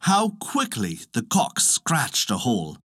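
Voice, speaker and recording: A man telling a folk tale in an expressive, animated manner. His pitch swings very widely from line to line, and the recording is dry and close with no room sound. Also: slow pace, no echo. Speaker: storyteller.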